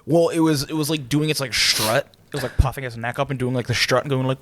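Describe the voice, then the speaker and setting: A man co-hosting a podcast, telling travel stories in a casual, animated way and laughing as he acts out quotes. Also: mid-range voice, fast talker, background noise. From Pennsylvania, United States. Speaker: podcast co-host. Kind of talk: casual storytelling chat.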